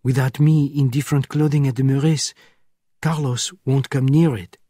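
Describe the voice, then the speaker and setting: A man's voice: medium pitch, steady tone, normal speed, dark tone, husky, no room sound, clean studio sound, voice pushed up, natural voice. A man reading an audiobook, voicing a frightened female accomplice of an assassin in a raised, urgent voice. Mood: pleading.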